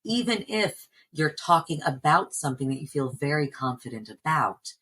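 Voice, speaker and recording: A woman's voice: sits low, lively intonation, moderate pace, fairly bright tone, husky, poor audio. An American woman from New Jersey, a voice coach, answering interview questions in an earnest, reflective way. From New Jersey, United States. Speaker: voice coach and actor.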